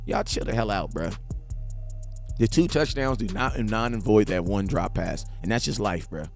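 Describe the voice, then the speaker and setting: A young man hosting a sports fan live stream, talking casually and bluntly in slang, answering chat, often building to impassioned near-shouting. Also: lowish voice, lively intonation, moderate pace, gravelly, faint music behind. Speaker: sports fan show host.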